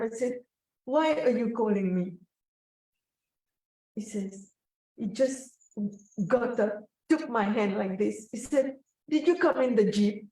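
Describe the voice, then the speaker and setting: A woman telling a personal story in an interview, slow, reflective and emotional. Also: fairly high pitch, mellow. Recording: echoey room, voice from a distance.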